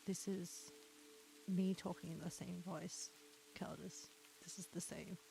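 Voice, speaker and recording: A young woman streamer chatting softly and reading poems aloud in a breathy, near-whispered voice through a retro telephone-style mic filter. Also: fairly low pitch, flat delivery, slow pace, faint music behind. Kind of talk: casual chat and poetry reading. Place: home streaming room. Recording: filtered lo-fi mic with faint rain.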